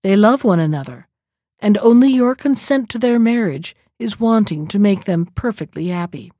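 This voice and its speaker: A woman reading aloud voices a stately fairy lady, speaking in a calm, measured way. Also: medium pitch, no room sound, clean studio sound, natural voice. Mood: gracious.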